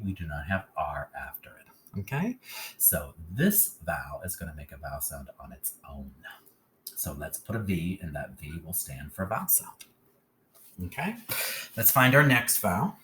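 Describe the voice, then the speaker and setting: A man's voice: low voice, sing-song, normal speed, sharp tone, a little hiss or hum. A man teaching a phonics lesson step by step, patiently checking in with "okay?" as he goes.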